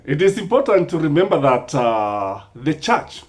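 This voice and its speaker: Emphatic Kenyan man, lively pitch. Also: measured pace. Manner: rhetorical questions, emphatic, mixes in Swahili sayings. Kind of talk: impassioned public commentary.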